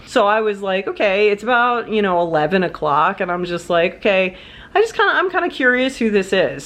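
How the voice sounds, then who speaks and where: A woman vlogger telling a story to her viewers in a chatty, animated way, laughing often and adding many asides. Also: mid-range voice. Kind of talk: casual storytelling to camera.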